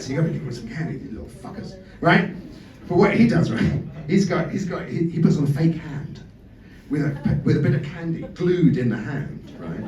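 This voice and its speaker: A man's voice: fairly high pitch, gravelly. A man doing a stand-up comedy set and crowd work in a club. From England. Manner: crowd work, swears freely. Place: comedy club stage with audience. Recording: distant roomy live club recording.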